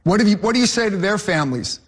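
A man's voice: high voice, animated, quick pace, husky. A man arguing as a candidate in a political debate, combative and repeatedly addressing his opponent. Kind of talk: debate argument.

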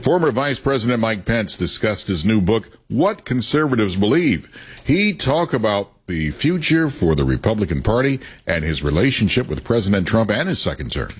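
A man reads the news on radio with a deep, low voice. There is a slight huskiness to his tone. His delivery stays steady and measured throughout. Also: husky. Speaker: news anchor. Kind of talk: scripted newscast reading.

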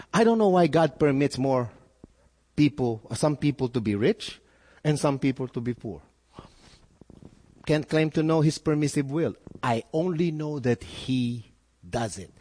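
Preaching in a hall full of long, echoing reverb, this pastor has a fairly high, slightly mellow male voice. He questions his listeners and builds his point through repetition.

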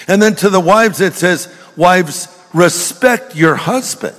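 Older pastor, joking sermon, echoing hall. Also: male voice, high-pitched, expressive, a little slow, hardly any pauses, a bit bright. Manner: joking storyteller, direct with the congregation. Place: church. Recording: long reverb of a large hall.

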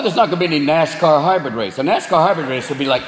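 A male stand-up comedian performing, animated, profane and loud. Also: on the high side, rapid-fire, very noisy. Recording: echoey hall with loud crowd.

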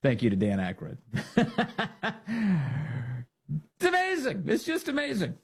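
A male talk-show host with a husky, slightly rough voice, his pitch swinging widely as he mocks his opponents. He talks in a sarcastic, opinionated monologue and keeps slipping into exaggerated impressions of the people he criticizes. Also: huge pitch swings, fast talker. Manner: sarcastic, mocking, acts out quoted voices. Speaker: political commentary host.

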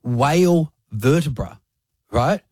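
A man on breakfast radio tells a story, switching into other people's voices as he quotes them. He speaks at a middle pitch, and the studio sound is close and dry. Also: slow pace, no echo. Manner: animated, acts out quotes. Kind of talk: casual storytelling chat.

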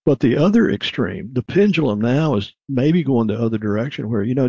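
Older man, counselor guest, husky dark voice, dry dull lo-fi sound. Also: mid-range voice, expressive, a little fast, hardly any pauses, no room sound. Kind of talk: radio interview.

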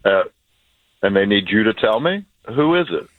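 A man's voice: on the low side, sing-song, normal speed, no echo. A man on a live phone call to a radio show, blunt and exasperated, stumbling over restarts. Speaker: caller's husband on phone. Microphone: telephone. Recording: dry narrow phone line.

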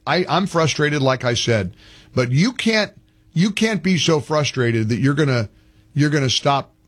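A man's voice: fairly high pitch, fairly bright tone, slightly rough. An older man hosting a political talk radio show, delivering a heated, rambling monologue full of restarts and repetitions. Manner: heated, ranting, repeats himself, frequent restarts.

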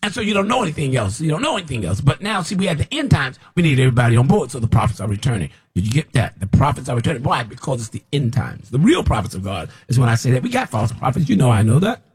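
A man calling himself a prophet, preaching in a scolding, repetitive way that sometimes rises toward a shout. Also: mid-range voice, very animated, fast, few pauses, slightly rough. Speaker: self-described prophet. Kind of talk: preaching monologue.

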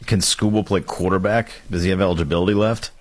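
A man co-hosting a sports talk radio show, relaxed and wry, laughing easily. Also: low-pitched, fast talker, no room sound.

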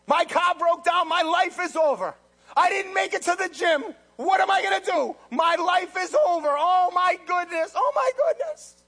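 A man's voice: very high-pitched, expressive, normal speed, a bit bright, pitched above the performer's own voice, heavily acted. A man acting out a melodramatic, whiny churchgoer who panics over every loss. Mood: panicked.

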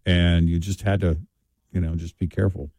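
A man's voice: low voice, level tone, moderate pace, dark tone, no room sound. A man in casual chat as a co-host, agreeable and easygoing, often answering with short affirmations.

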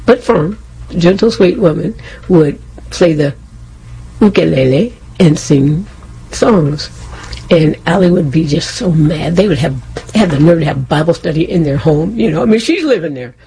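A woman with a very husky, breathy voice tells a personal story on a faith talk show. Her tone is mellow and soft. She brings it to life by acting out the quotes. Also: low voice, measured pace. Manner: animated, acts out quotes, laughs often. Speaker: co-host.

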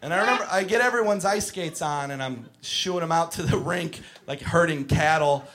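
A young man doing stand-up storytelling, profane and exasperated, breaking into shouts. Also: on the high side, moderate pace. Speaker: stand-up comedian. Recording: live comedy club with audience laughter.

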